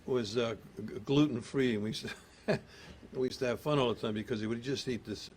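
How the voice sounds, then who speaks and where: An older man from Providence, Rhode Island, an actor and guest telling animated stories in a casual chat and acting out the exchanges he recalls. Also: mid-range voice, brisk, a little hiss or hum. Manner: animated storyteller, acts out quoted exchanges.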